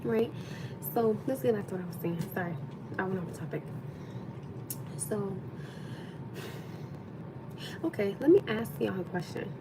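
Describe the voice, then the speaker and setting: A woman's voice: mid-range voice, measured pace, long pauses, very noisy. A woman in her thirties hosting a casual livestream, rambling and chatting with viewers, thanking them as she goes. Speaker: livestream host.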